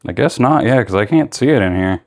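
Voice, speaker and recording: A man's voice: mid-range voice, lively intonation, a little fast, darkish tone. A tired man chatting casually through a toy unboxing, rambling with lots of fillers and self-corrections. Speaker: toy reviewer.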